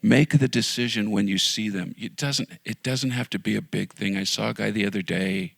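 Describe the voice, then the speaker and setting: Earnest low gravelly-voiced male pastor. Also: normal speed, fairly bright tone, no room sound. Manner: earnest, pleading, drops to near-whisper at times. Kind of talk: sermon.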